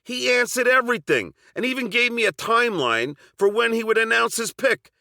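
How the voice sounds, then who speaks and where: A man's voice: extremely high pitch, animated, brisk, creaky, sharp tone, no echo, studio quality. A middle-aged man with a Long Island accent narrating a personal story from a script, with wry, sardonic asides.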